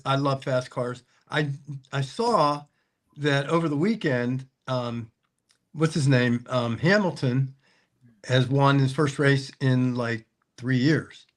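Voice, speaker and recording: Rambling, hesitant male host. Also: mid-range voice. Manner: rambling, hesitant, many fillers. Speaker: host, car dealer. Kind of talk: casual interview chat.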